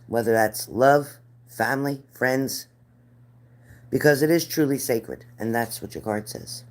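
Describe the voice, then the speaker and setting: A middle-aged woman reading spirit cards live for viewers, chatty and earnest, repeating their names. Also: a bass voice. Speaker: card reader.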